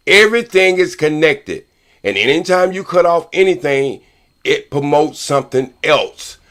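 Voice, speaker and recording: An older man on a podcast panel, arguing loudly and profanely and repeating points for emphasis. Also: fairly high pitch, expressive, unhurried. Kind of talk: heated podcast debate.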